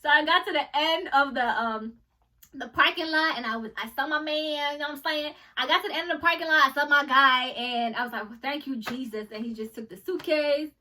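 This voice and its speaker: A young American woman telling a travel story in a casual vlog, animated and acting out the people she met. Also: high voice, fairly quick, distant mic. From United States. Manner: animated, acts out voices in the story. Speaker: travel vlogger.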